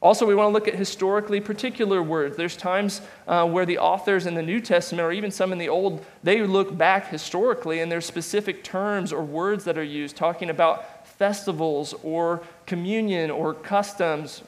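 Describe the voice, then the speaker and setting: A man's voice: high-pitched, fairly even intonation, normal speed, few pauses. A man teaching a Bible study class in a conversational way, with restarts and asides. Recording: long reverb of a large room.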